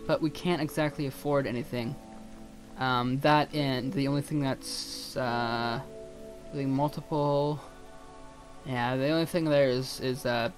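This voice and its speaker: A man talking loosely through a video game as he plays, thinking out loud and cursing freely. His voice sits at a middling pitch. Faint game music runs behind him. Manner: rambling, swears freely, thinks aloud. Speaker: let's play gamer. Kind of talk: casual gameplay commentary.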